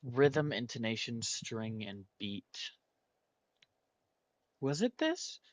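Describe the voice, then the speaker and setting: This gaming channel host has a mid-range voice that is very animated, though his pace stays slow. Recorded dry, he muses out loud and murmurs possible answers as he tackles a word puzzle, keeping the commentary casual.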